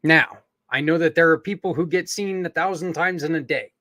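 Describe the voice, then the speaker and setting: An earnest podcast host speaks in a fairly high voice, wandering through asides and fillers as he appeals to his listeners. The sound is dry and close, with no room around it. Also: normal speed, bright, forceful tone, no room sound.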